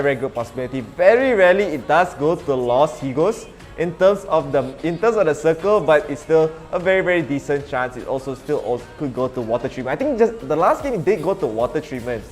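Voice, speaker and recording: Steady analytical esports caster, man. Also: medium pitch. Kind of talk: live game commentary.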